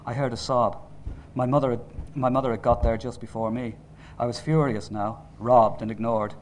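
A man's voice: mid-range voice, fairly even intonation, moderate pace, darkish tone, slight background noise. Man narrating an audiobook.

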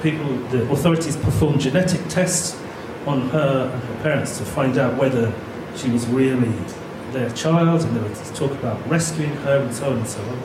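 A man in the audience tells a story at a lecture, hesitant and full of restarts. He is heard from far away in an echoey hall, with clear noise in the background. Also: medium pitch, moderate pace, hardly any pauses. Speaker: audience member. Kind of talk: asking a question.

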